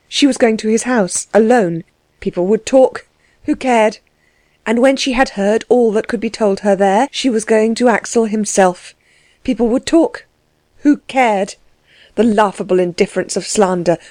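Female audiobook narrator, measured novel reading, dry close recording. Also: mid-range voice, warm tone, no room sound. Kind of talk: scripted narration.

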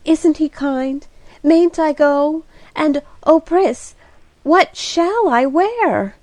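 Woman voicing a gushing, excitable young girl. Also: sits high, extremely slow, no room sound, pitched above the performer's own voice, full character voice. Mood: excited. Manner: breathless, gushing, emphatic. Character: eager excitable young woman, impulsive and dramatic. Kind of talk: audiobook character reading.

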